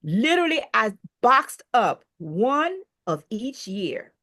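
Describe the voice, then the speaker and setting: Older woman telling a lively story. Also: a little high, slow. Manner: animated storyteller who acts out quoted dialogue. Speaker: podcast guest, business owner. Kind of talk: storytelling in an interview.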